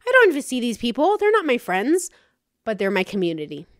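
A woman's voice: a little high, huge pitch swings, brisk, dry recording, clean studio sound. A woman hosting her own podcast, talking frankly and casually in a solo monologue, with some swearing. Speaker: podcast host.

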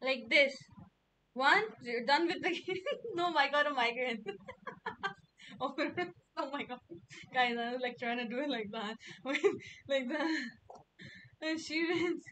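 A woman's voice: high-pitched, takes it slowly, a bit bright, slight background noise. A young woman from India chatting casually on a livestream, playful and giggly, repeating words over and over. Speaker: streamer.

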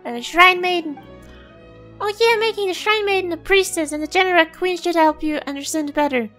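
A tiny, bubbly fairy companion , as a woman puts her on, chirps in a very high, squeaky voice and calls herself by her own name. The lines are read as a fan voice-over of game dialogue. Soft game music plays faintly behind her. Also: fairly quick. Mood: chirpy. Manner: speaks of herself in the third person, bubbly.

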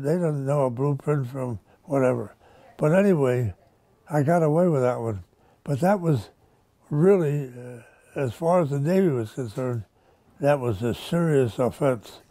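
An elderly man in his nineties recalls his wartime service in a folksy, rambling way. His voice is gravelly and very dark, a little higher than most men's, and the sound is dry and close. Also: dry recording. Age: 90s. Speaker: war veteran interviewee. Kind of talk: oral-history interview.

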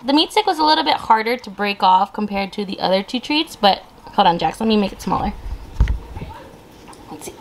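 A woman's voice: mid-range voice, animated, fairly quick, slight background noise. A woman casually unboxing a pet subscription box, chatting in a coaxing sing-song baby-talk voice to her dog, with gasps and laughs along the way. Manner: gasps and laughs as she chats.

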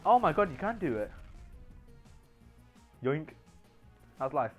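A man giving excitable live commentary on his game stream, yelling and laughing as he teases other players. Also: a little high, normal speed, long pauses, slightly rough, faint music behind.

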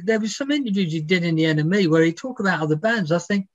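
A music biographer whose voice sits high talks fast and expressively in a casual interview. He tells rambling anecdotes, laughing and swearing now and then, and the recording is dull, dry, and lo-fi.

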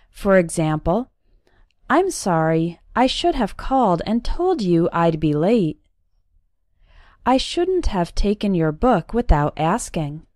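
A woman teacher clearly explaining phrases in an English lesson. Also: mid-range voice, dark tone, no room sound, studio quality. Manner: clear, instructive.

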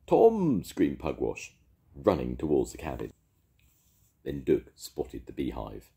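An older man, a storytelling grandad, reading a children's story aloud with expressive delivery. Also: extremely low pitch, measured pace, vocal fry.

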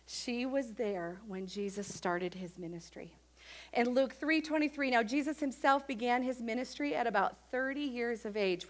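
Woman, pastor, sermon, high-pitched, animated, emphatic.

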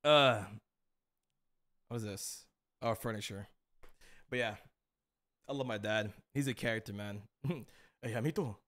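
Bright-voiced laid-back young streamer guy. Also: lowish voice, a little slow, long pauses. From Mexican-American family. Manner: laid-back slangy banter, laughs at his own stories. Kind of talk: casual stream chat.

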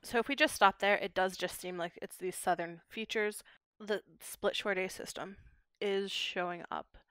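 A woman's voice: mid-range voice, steady tone, moderate pace, a bit bright, clear, resonant tone, no echo, clean studio sound. A young woman from Pittsburgh, a linguistics PhD student explaining her research in a podcast interview, articulate and academic. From Pittsburgh, USA. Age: young adult.

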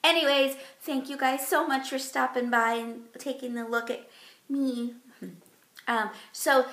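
A woman's voice: high voice, steady tone, measured pace, a bit bright. A woman beauty vlogger talking casually through a makeup tutorial, chatty and giggly with plenty of fillers.

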